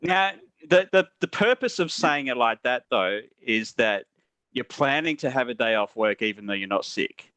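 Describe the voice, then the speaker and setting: Dry, bright-voiced man explaining slang. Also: medium pitch, expressive, moderate pace, no room sound. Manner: patient, explaining slang step by step. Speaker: podcast co-host. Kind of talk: casual chat.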